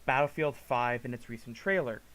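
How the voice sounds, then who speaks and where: A man giving casual reaction commentary, ranting in an exasperated, profane way that swings between low mutters and loud outbursts. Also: brisk, low-quality recording. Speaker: commentary vlogger.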